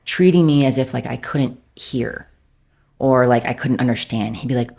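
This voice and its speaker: Her voice is very deep and darkish, with vocal fry, moving at a normal pace. As a podcast guest she rambles through a candid personal story, with "like" filling each phrase.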